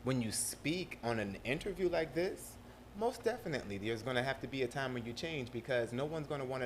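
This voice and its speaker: A man with a South Carolina Lowcountry accent, talking casually as a podcast guest and switching between proper and Southern speech. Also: animated, brisk, a little hiss or hum.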